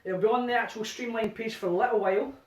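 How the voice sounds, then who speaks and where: A man's voice: high voice, steady tone, fast talker. Male line dance instructor, rhythmic count-calling, slightly winded, distant camera mic in a roomy home. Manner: counts steps aloud in a rhythmic chant. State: a bit out of breath. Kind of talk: teaching a dance workshop from home. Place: living room at home.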